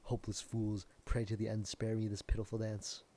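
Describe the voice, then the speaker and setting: A man voicing a gloomy theatrical figure who laments death in hushed, overwrought old-fashioned speech. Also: lowish voice, monotone, brisk, slight background noise, lightly acted. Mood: melodramatic.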